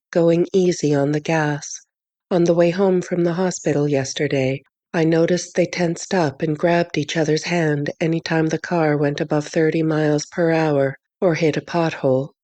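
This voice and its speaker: A woman narrating a first-person novel in an audiobook, with measured, clear storytelling on a close studio mic. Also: deep voice, mellow, no room sound.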